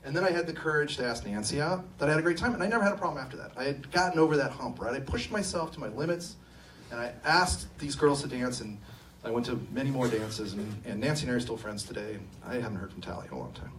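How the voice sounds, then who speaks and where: A man's voice: medium pitch, fast. Middle-aged man, funny self-deprecating speaker, recorded from a distance, faint room hum. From Sacramento, California. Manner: self-deprecating, humorous, lively storyteller. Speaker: company co-owner and engineer giving a talk. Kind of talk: conference talk with personal storytelling. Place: event room at a live talk.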